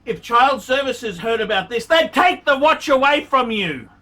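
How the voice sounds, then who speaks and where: A man's voice: extremely high pitch, animated, moderate pace, sharp tone, recorded from a distance. A man, a watch vlogger, ranting angrily into the camera with heavy swearing and repeated insults. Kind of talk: angry profane rant to camera.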